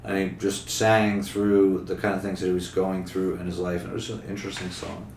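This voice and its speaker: A man's voice: sits low, level tone, brisk, gravelly, a little mellow. Playful young man hosting, roomy sound. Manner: playful, rambling, quizzing guests. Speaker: podcast host. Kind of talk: casual interview chat. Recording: roomy recording with faint background hum.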